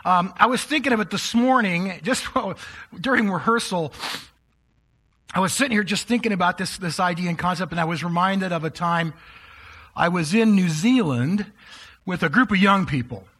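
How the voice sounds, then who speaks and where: A man's voice: sits high, normal speed, fairly bright tone. A man preaching a sermon to a live congregation in a church, speaking conversationally and addressing the listeners directly. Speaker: pastor.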